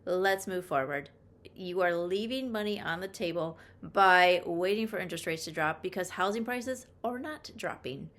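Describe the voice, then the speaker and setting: A woman's voice: lowish voice, normal speed, few pauses, fairly bright tone. A woman realtor talking casually to camera, chatty and emphatic, repeating key points for stress and dropping self-deprecating asides. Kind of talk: casual talking-head vlog.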